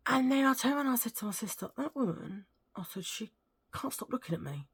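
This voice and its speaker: A woman's voice: on the high side, moderate pace, long pauses, breathy edge. A woman chatting casually to her viewers, rambling through anecdotes with frequent laughs and acted-out quotes. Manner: rambling, animated, laughs a lot, acts out quotes. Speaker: vlogger.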